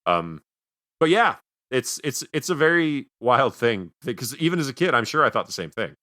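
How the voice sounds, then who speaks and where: A man's voice: medium pitch, sing-song, normal speed, sharp tone, no echo, clean studio sound. A man co-hosting a casual podcast, rambling with lots of fillers and easy laughs. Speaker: podcast co-host.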